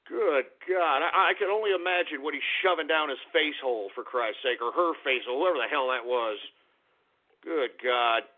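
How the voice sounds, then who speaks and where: Man, talk radio host, cursing and exasperated, raspy fry, narrow phone-like sound. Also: high-pitched. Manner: profane, exasperated, swears constantly. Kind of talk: call-in talk radio rant. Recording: tinny phone-like radio audio.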